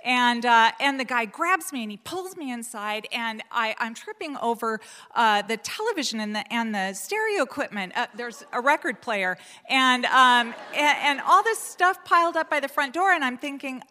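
A woman, from Portland, Oregon, tells a personal story in a fairly high, bright voice. She talks in an animated, self-deprecating way, full of fillers and restarts. Her voice rings with a long reverb, as in a hall. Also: moderate pace, hardly any pauses.

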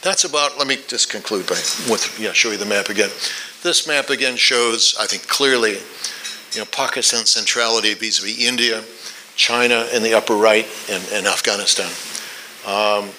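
Male policy speaker, low and bright, measured with verbal restarts, faint noise behind. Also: low-quality recording. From United States. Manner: measured, repeats words while thinking, dry asides. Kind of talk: policy talk and Q&A answer.

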